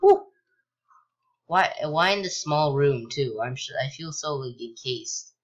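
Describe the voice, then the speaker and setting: A young man casually commentating a video game he's playing, rambling with lots of ums and likes and sudden excited yelps. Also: mid-range voice, unhurried, muffled recording. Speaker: gameplay commentator. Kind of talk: casual let's-play commentary.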